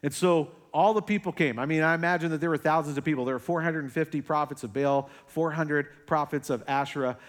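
A young male pastor delivers a sermon as an animated story, his voice sitting slightly high for a man. He throws in sarcastic jokes, then sinks to a hushed, intense delivery. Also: fairly quick, few pauses.

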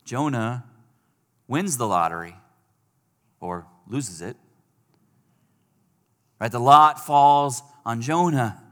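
Bright-voiced preacher in a reverberant hall. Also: male voice, medium pitch. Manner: conversational preaching, rising for quoted pleas. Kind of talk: sermon.

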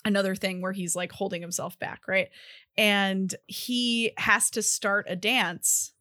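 A woman's voice: mid-range voice, steady tone, measured pace, pushed and bright, no echo, studio quality. A woman co-hosting a podcast, chatting casually about a movie's characters with lots of fillers. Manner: chatty, heavy use of 'like'. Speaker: podcast co-host.

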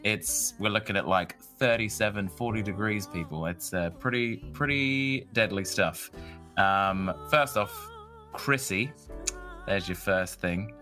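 A man's voice: lowish voice, unhurried, pushed and bright, faint music behind. A man co-hosting a podcast, chatting casually in an easygoing, jokey, slangy way. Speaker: podcast co-host. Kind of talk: casual chat.

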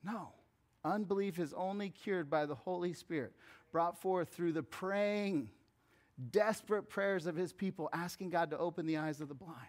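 A pastor preaching a conversational sermon that rises to fervent appeals. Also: male voice, high voice, normal speed.

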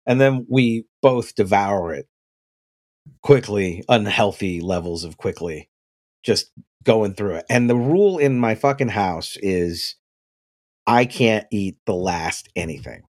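Man telling a story with loud laughs. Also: fairly low pitch, slow pace. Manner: animated storytelling, laughs often, swears freely. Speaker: podcast co-host. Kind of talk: casual chat.

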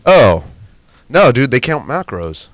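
A man's voice: mid-range voice, big pitch swings, slow, no echo. A man co-hosting a podcast, rambling and giggly, with frequent restarts. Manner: rambling, giggly, self-correcting. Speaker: podcast co-host. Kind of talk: casual podcast banter.

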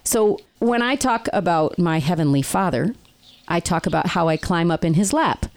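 A woman's voice: lowish voice, lively intonation, moderate pace, vocal fry. A middle-aged woman hosting a casual chat, telling stories and laughing often. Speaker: podcast host.

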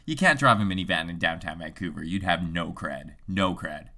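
A man's voice: low voice, normal speed, sharp tone. A man co-hosting a casual podcast chat, laughing often and swearing casually. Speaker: podcast co-host.

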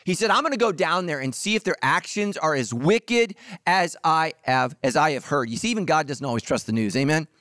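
A man's voice: fairly high pitch, fairly quick, dry recording. Upbeat preaching man, dry sound. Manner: energetic, jokey preaching with audience asides. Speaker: pastor. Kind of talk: sermon.

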